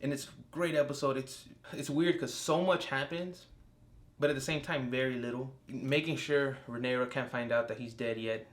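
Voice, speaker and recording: A young man talks casually through a solo TV episode review at a middle pitch. His delivery is excitable and full of swearing, and he leans into bursts of enthusiasm. It sounds like a relaxed one-person vlog. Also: normal speed. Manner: excitable and profane, with outbursts of enthusiasm. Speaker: TV show reviewer.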